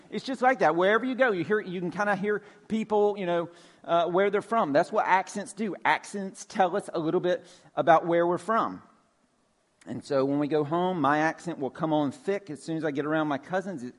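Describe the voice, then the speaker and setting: Southern pastor with a light Georgia accent. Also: male voice, high-pitched. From Georgia, USA. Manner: conversational, folksy, with filler words and restarts. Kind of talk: sermon. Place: church sanctuary.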